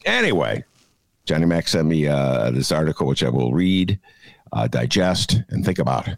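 A man's voice: rumbling low, sing-song, normal speed, gravelly, no room sound. A middle-aged man hosting a casual political talk show, jokey and rambling. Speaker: podcast host.

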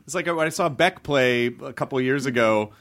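A man's voice: mid-range voice, a little fast, fairly bright tone. A man hosting a podcast, chatting casually and musing through his ideas. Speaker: podcast host.

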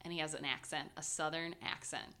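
A woman from the US Midwest co-hosting a casual podcast, chiming in with playful, quick-witted comments. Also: deep voice, fairly even intonation, pushed and bright. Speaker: podcast co-host. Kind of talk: casual chat.

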